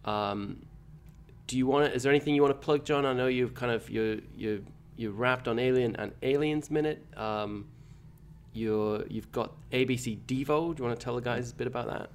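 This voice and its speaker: A man hosting a podcast, talking in a relaxed way while wrapping up the episode. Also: mid-range voice, moderate pace, a little hiss or hum. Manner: relaxed, wraps up the show with plugs. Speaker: podcast host. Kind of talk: casual podcast chat.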